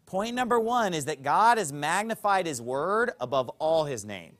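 A man's voice: a little high, big pitch swings, moderate pace, fairly bright tone. A man preaching a sermon as pastor, emphatic and fond of rhetorical questions.

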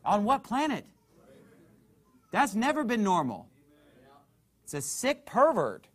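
A man's voice: high voice, huge pitch swings, slow pace. A man preaching a heated sermon, firing off rhetorical questions, raising his voice in bursts, and stopping to read passages aloud from a book. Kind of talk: fiery sermon.

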